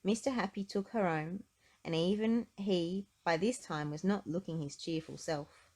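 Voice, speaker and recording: A woman reading a children's storybook aloud in an expressive, gentle way. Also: lowish voice, normal speed. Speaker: storybook reader.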